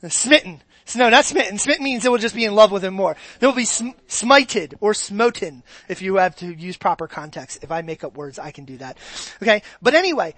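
A woman's voice: a little high, a bit bright, no echo. A woman preaching a sermon in a conversational way, often checking in with the congregation. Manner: conversational, keeps checking in with the audience.

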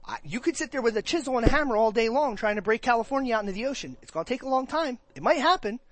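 Recorded with no room sound, this medium-pitched pastor preaches conversationally, quizzing the congregation. He animatedly plays out listeners' responses in rapid put-on voices.

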